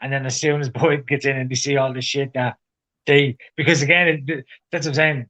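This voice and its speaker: A man's voice: medium pitch, steady tone, brisk, pushed and bright, poor audio. A man co-hosting a casual podcast, ranting opinionatedly and swearing. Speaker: podcast co-host. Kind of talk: casual chat.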